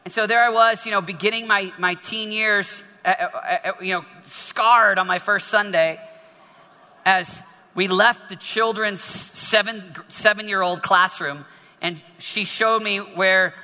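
A man's voice: high-pitched, a little slow, pushed and bright, in a large hall. A man preaching a sermon to young people. He tells a personal story and often repeats words and restarts his sentences. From northern United States. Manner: storytelling with frequent repetitions and restarts.

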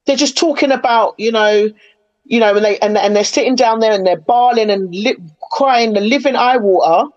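A chatty woman with a fairly high voice talks through her opinions in a relaxed podcast conversation. She is animated and emphatic, and she often slips into quick, lively retellings. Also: dull audio. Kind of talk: casual chat.

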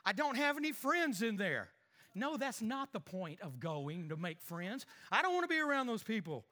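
A man's voice: high voice, very animated, moderate pace, pushed and bright, long reverb tail, exaggerated voice. A man playing a sulky, grumbling churchgoer. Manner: muttering complaints under his breath, fake cheer to others. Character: grumbling married male churchgoer, sulky and petty. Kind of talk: comic skit within a sermon.

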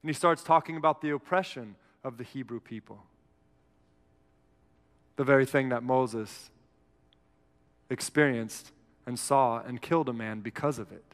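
A man preaching a sermon, retelling a scripture story in an earnest, animated way and briefly acting out a whiny character. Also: mid-range voice, a little slow, pauses often. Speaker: pastor. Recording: long hall reverb.

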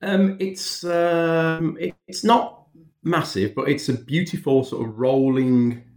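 A man's voice: a little high, steady tone, slow, darkish tone. Amiable man in a roomy echo. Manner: amiable, hesitant, lots of ums. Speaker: guest comedian. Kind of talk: casual chat.

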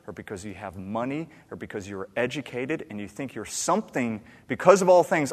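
Preaching man in a reverberant hall. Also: mid-range voice. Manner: dramatic, swings from hushed to shouting. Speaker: pastor. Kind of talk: sermon.

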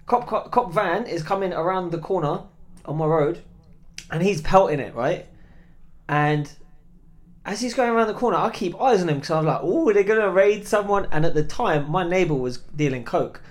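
Male, higher-set voice; animated storyteller who plays every part in casual chat. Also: normal speed. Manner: acts out both sides of his stories, street slang.

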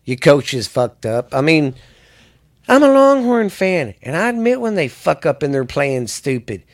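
A man's voice: mid-range voice, sing-song, normal speed. A man hosting a sports podcast, ranting angrily and rambling with lots of cursing. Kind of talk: profane ranting commentary.

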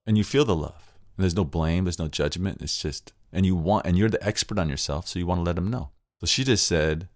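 A man's voice: low-pitched, no room sound, clean studio sound. A man hosting a podcast, talking through a couple's argument and acting out both sides. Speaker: podcast host. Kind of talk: explaining a relationship scenario.

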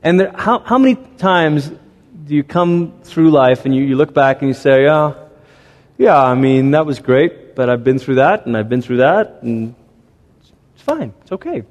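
A man's voice: medium pitch, normal speed. Man preaching in a reverberant hall. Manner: animated storytelling with voiced characters and animal noises. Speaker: pastor. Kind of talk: sermon. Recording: long reverb of a large hall.

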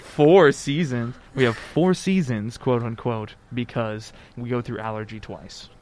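A man's voice: mid-range voice, animated, measured pace, a little mellow. A man hosting a podcast in casual chat, joking and rambling loosely. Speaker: podcast host.

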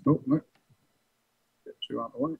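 A man's voice: brisk, no echo, phone-quality sound. A man narrating a tabletop game as game master, rambling loosely with many fillers.

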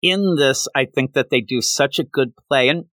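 A man's voice: medium pitch, normal speed, fairly bright tone, no echo. A man co-hosting a podcast, chatting casually and animatedly as he retells scenes from a comic chapter. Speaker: podcast co-host. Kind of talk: casual chat recapping a manga chapter.

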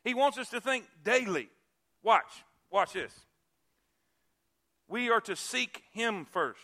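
The pastor's voice sits high, and he preaches slowly with lively intonation. He repeats his key phrases and alternates loud, emphatic moments with hushed side remarks.

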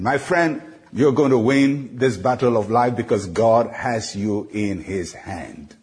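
A man with a husky, slightly rough voice delivers a devotional sermon as a pastor. He teaches at a measured pace, drawing out scripture quotes and filling the gaps between phrases with "uh." His pitch sits in an ordinary middle range. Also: darkish tone. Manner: frequent "uh" fillers between phrases.

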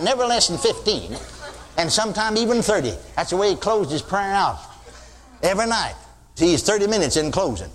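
Older male preacher, folksy and animated, recorded in a reverberant church hall. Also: high voice, a little fast. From Texas. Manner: folksy storytelling, mimics a pastor's sing-song praying. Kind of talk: sermon.

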